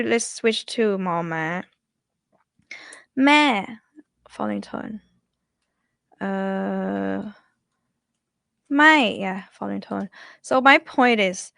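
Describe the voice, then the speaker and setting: A woman's voice: mid-range voice, gravelly, a bit bright, dry recording, clean studio sound. A young woman with a Thai accent teaches language tones in a chatty way, repeating words as drills. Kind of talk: online language lesson.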